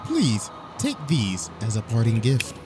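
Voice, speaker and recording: Guy doing a low, calm killer maid, super polite and formal, music in the back. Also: a little slow. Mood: coolly polite. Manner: formal, courteous, menacing.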